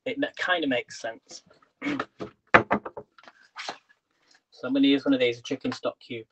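A man's voice: medium pitch, a little fast, a little hiss or hum. Chatty man on a lo-fi stream. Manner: chatty, talks to viewers while cooking. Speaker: live-stream host. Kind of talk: casual live cooking stream. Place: home kitchen.

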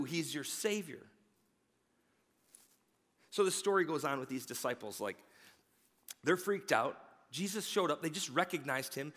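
A man preaching a sermon in a church, energetic and conversational, stammering now and then. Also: a little high, in a large hall. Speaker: pastor. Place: large church sanctuary.

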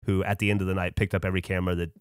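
Amid crowd noise, a man with a deep voice talks very fast. He co-hosts a podcast, telling stories in a lively, casual way and swearing freely.

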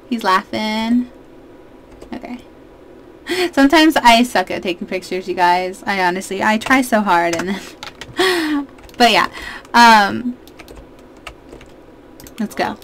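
A woman in her twenties giving casual, excitable let's-play commentary as a gaming YouTuber, chatting to her viewers. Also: medium pitch, takes it slowly, pauses often, a little hiss or hum.

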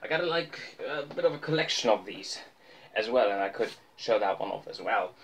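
A man's voice: fairly low pitch, animated, normal speed, fairly bright tone, slightly rough. A young man talking casually to camera about his records, rambling and joking at his own expense with lots of fillers. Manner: rambling, joking, self-mocking, many fillers. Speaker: vlogger showing his record collection.

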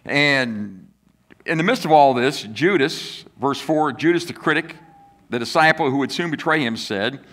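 With a mid-range, somewhat bright voice and lively intonation, a man preaches a sermon at normal speed. As pastor, he keeps it conversational, asks the congregation questions, and voices his critics' words in quotes.

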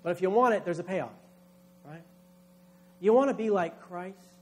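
A man's voice: sits high, normal speed, darkish tone. A man, a pastor, preaching a sermon with emphatic delivery, acting out quoted voices.

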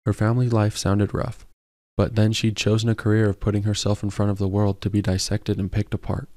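A man narrating a romance novel as an audiobook in a steady, even storytelling manner. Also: lowish voice, a little fast, no room sound, studio quality. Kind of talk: scripted narration.

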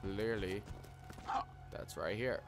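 A man's voice: on the low side, takes it slowly, vocal fry, over loud music. A man giving casual, rambling let's play commentary with sarcastic, self-mocking jokes. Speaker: gameplay commentator. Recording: noisy game audio behind.

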